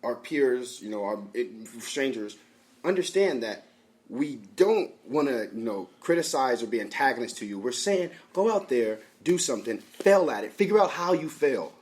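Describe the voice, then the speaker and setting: A man co-hosting a podcast, chatting casually with lively, encouraging remarks and quick interjections. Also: medium pitch. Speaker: podcast co-host. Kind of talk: casual chat.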